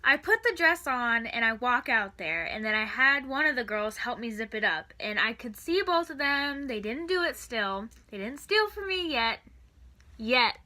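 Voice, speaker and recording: A teenage girl telling a storytime in a casual, chatty vlog, full of "like" and "and stuff", with the odd soft aside. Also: on the high side, very animated, normal speed. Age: teens. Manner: chatty, filler-heavy with frequent "like" and "and stuff". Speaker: vlogger.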